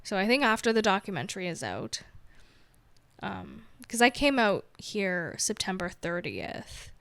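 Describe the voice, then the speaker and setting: A woman's voice: mid-range voice, sing-song, a little slow, creaky, a bit bright, no room sound. A woman hosting her own podcast, chatting casually in a rambling, self-mocking way and laughing often. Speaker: podcast host. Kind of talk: casual solo chat.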